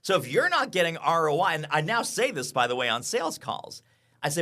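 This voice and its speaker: Animated, bright-voiced male podcast guest. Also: on the high side, fairly quick. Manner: energetic, acts out clients' lines in quoted voices. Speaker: sales consultant and author, podcast guest. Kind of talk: animated interview talk.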